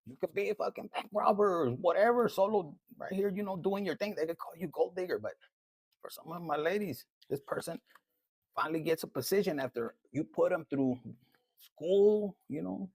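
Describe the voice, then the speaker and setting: High-pitched gravelly man reading tarot. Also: moderate pace, darkish tone, no echo. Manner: blunt, profane, chatty. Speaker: tarot reader.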